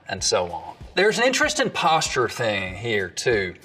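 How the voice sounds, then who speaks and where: A man's voice: fairly low pitch, wildly swooping pitch, normal speed, hardly any pauses, pushed and bright, slightly rough, recorded from a distance. Male dialect coach, scripted explainer narration, heard off-mic over faint music. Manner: explanatory, demonstrates sounds.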